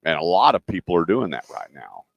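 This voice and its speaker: A man's voice: low-pitched, huge pitch swings, a little fast, creaky, breathy edge, no echo. A middle-aged man hosting a live car radio show, telling folksy stories with lots of fillers. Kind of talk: live radio talk with dealership promos. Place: live remote broadcast at a dealership.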